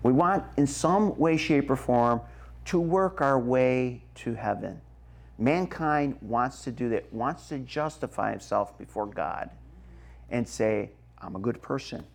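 Slow, gravelly-voiced male preacher. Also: medium pitch. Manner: slow, emphatic preaching with call-and-response. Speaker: pastor. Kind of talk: sermon.

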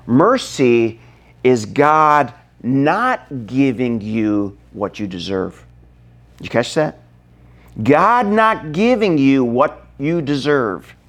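A man preaching a sermon, telling a Bible story dramatically, dropping to a hush and then acting out shouts. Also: medium pitch, very animated, takes it slowly. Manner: dramatic, acts out the scene, shifts from hushed to shouting. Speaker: pastor.

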